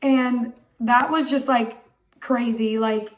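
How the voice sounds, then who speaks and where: A young woman with a hoarse, not fully recovered voice, excitedly telling a casual vlog story and filling her talk with "like". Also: on the high side, takes it slowly. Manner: excited, chatty, heavy use of "like". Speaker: vlogger.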